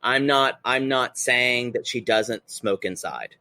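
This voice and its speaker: A man's voice: medium pitch, bright, forceful tone, no room sound. Chatty American man, dry close sound. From United States. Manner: hedging, self-correcting, quick to laugh. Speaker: podcast co-host. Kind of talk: casual comedic TV recap chat.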